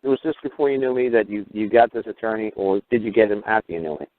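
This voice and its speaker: A man hosting a call-in radio show, talking in a rambling way and acting out little dialogues with sudden jumps in pitch. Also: quick pace. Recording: tinny phone-like radio audio.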